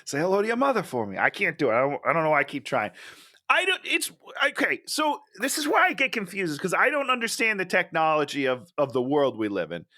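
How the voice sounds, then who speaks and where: A man's voice: fairly high pitch, big pitch swings, quick pace, bright, forceful tone. A man co-hosting a casual podcast, mocking a movie with sarcastic, mock-incredulous remarks and frequent laughter. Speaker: podcast co-host. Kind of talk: casual movie-roasting chat.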